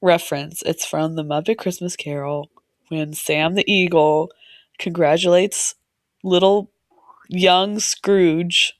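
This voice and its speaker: A woman in her thirties co-hosting a podcast, hoarse and raspy from laryngitis, telling stories with lots of laughter. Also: on the low side, slow, no echo, clean studio sound. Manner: laughing, animated storyteller. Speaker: podcast co-host. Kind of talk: casual chat.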